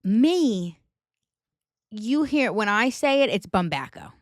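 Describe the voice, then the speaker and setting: A woman with a US Northeastern accent hosting a casual pop-culture podcast, talking in an animated, emphatic way and swearing freely. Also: a little high, slow, no room sound, clean studio sound. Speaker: podcast host.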